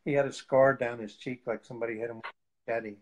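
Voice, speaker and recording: Brief: male guest evangelist, casual storytelling, mid pitch, acts out the quotes. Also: fast talker, slight background noise, low-quality recording. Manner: lively storyteller, laughs often, acts out quotes.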